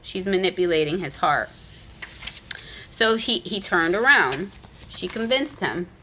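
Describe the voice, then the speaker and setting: A woman giving an animated, critical retelling of a children's book, talking casually with frequent restarts. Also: fairly low pitch, a little slow, a little hiss or hum. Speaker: content creator.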